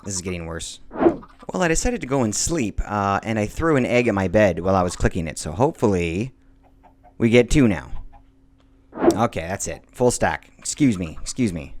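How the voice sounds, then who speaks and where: A man's voice: lowish voice, big pitch swings, moderate pace, background noise. A man casually talking through a video game build for his viewers, rambling with many fillers and restarts. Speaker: Minecraft let's-play host. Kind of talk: casual gameplay commentary.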